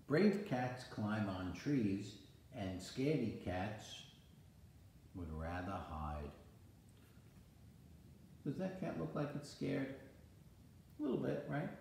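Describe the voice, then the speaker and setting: Playful older grandpa with a creaky voice. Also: male voice, heavy reverb, a little hiss or hum. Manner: playful, animated storytelling with sudden high exclamations. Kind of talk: reading a picture book aloud.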